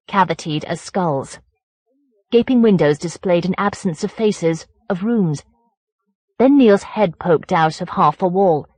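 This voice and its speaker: A woman reading a first-person horror story aloud as an audiobook narrator, in a measured, deliberate way. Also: fairly low pitch, a little mellow, dry recording.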